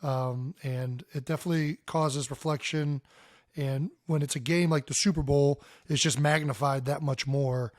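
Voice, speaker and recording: Man, 30s, podcast co-host; slightly high voice, dry sound, thoughtful and measured. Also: fairly even intonation, no room sound. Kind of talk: casual chat.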